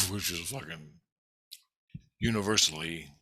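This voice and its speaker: A man's voice: low voice, slow, breathy edge, no room sound. Profane rambling man telling stories. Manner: profane, rambling, animated when excited. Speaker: vlogger. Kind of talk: casual storytelling monologue.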